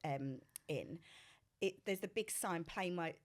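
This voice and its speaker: A woman, a guest in a casual chat, telling animated stories and breaking into loud laughter. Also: on the low side, a little slow. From England. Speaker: celebrity guest.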